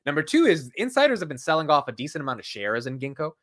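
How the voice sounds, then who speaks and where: A man's voice: fairly high pitch, very animated, fast, a bit bright. Casual young man riffing on stocks. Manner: rambling, frank, self-interrupting with swearing. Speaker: stock market livestream host. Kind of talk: casual live market commentary.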